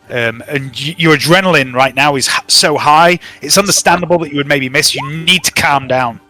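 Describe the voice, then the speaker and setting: A man's voice: fairly high pitch, bright, forceful tone, low-quality recording. A man running a tabletop game as game master, joking and playfully bossy with his players.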